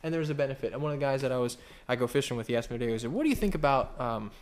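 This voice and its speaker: A pastor preaching in a casual, conversational way, with wry asides and lively acted-out quotes. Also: male voice, racing. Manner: animated, acts out quotes with big pitch jumps. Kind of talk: conversational sermon.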